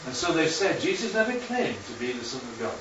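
A man leads a relaxed Bible class, moving through slides and checking often that his listeners follow. His voice sits a little high for a man. It comes from some way off the mic, muffled and echoing around the room. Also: fast talker, noisy background. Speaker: Bible study teacher. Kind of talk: informal Bible teaching with slides. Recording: roomy, distant, muffled hall recording.

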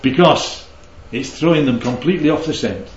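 A man leads a Bible study with a lively, rising and falling voice, constantly checking in with his listeners. The sound is roomy and a little dull. He teaches in an interactive, conversational way. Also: medium pitch, normal speed, slight background noise. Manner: keeps checking in with the group. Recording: roomy, slightly dull recording.

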